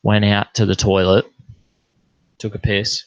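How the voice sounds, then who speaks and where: A pastor telling a profane, animated anecdote in a casual way. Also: male voice, lowish voice, a little slow, dry recording, muffled recording. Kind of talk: casual storytelling.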